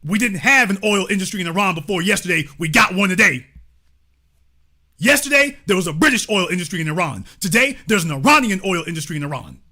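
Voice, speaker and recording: A man's voice: high-pitched, sing-song, fast, pushed and bright. A man hosting a livestream commentary show, talking emphatically and profanely to his chat. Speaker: host.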